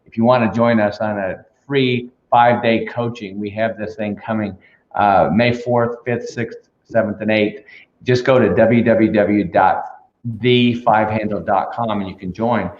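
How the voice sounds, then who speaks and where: A man with a fairly low voice gives a punchy motivational pep talk as a guest sales coach. His sound is roomy and somewhat muffled, as if it comes over a video call. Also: steady tone, unhurried, a little mellow. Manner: preachy, punchy, says "come on" a lot.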